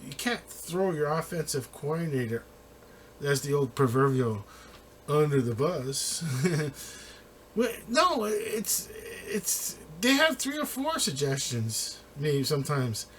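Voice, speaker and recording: A man's voice: on the high side, sing-song, takes it slowly, a bit bright, slight background noise. A man giving casual postgame football commentary, rambling with many restarts and laughing often.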